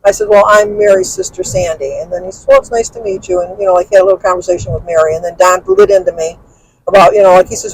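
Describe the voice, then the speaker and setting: A woman's voice: lowish voice, fast, slightly rough, poor audio. An older woman vlogging from her car as she drives, venting bluntly and angrily and swearing freely. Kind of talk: venting personal story to camera. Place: in a car while driving.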